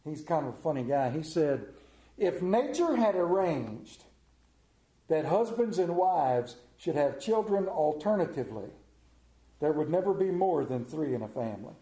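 High-voiced folksy preacher man, echoey room. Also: very animated, unhurried, dark tone. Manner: folksy, joking storyteller. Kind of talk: sermon with storytelling.

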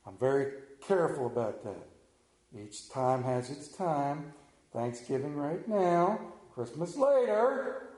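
A man preaching a sermon through animated storytelling, dropping to a hushed voice for emphasis. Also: on the high side, takes it slowly, reverberant, poor audio.

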